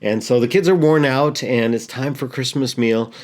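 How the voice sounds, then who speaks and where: A man, a pastor, telling a story in a sermon, halting and repeating words earnestly. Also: medium pitch, darkish tone.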